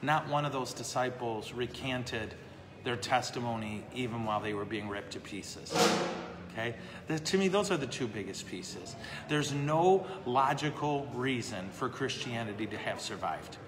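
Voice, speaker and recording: Animated and at normal speed, this mid-range male voice belongs to a priest hosting a live question-and-answer show in a brewery. He jokes about himself in a casual way and keeps checking with "okay?" and "right?", recorded with long reverb and a faint hum of ambience.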